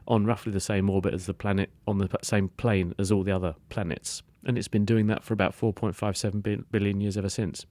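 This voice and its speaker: A man with a lowish voice explains science on a call-in radio show. He talks fluently and builds his answers step by step with homely analogies. The studio sound is close and dry. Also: little pitch movement, fast, hardly any pauses, a little mellow, no echo. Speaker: radio science expert answering listener questions.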